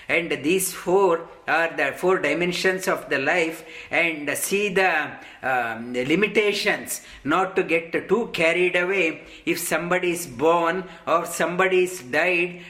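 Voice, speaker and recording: Slow, halting man teaching scripture. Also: on the high side, bright, forceful tone. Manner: halting, many ums, slow deliberate explanation. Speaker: spiritual teacher. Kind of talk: scripture discourse.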